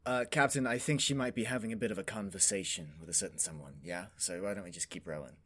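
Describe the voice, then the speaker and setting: A man playing in a tabletop game, relaxed and easygoing. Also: low-pitched, quick pace, slightly rough. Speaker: player. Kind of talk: tabletop role-play chat.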